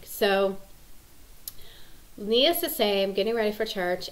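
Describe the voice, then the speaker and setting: A woman's voice: on the low side, rough recording. A woman, a mom vlogging in a rambling, casual chat full of ums. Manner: chatty, rambling, lots of ums.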